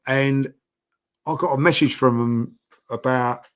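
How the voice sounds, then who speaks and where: An older man tells stories in a loose, rambling way. He circles back, repeats himself and leans on fillers as he goes. His voice sits at an ordinary middle pitch. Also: fairly even intonation, a little slow. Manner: rambling, many fillers and restarts. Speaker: podcast guest. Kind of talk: casual storytelling chat.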